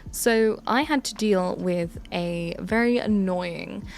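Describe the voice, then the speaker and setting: A woman's voice: mid-range voice, takes it slowly, creaky. A young woman streaming live as a prim, self-important evil alter ego, with theatrical, old-fashioned phrasing. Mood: prim, chatty. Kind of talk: live stream character chat.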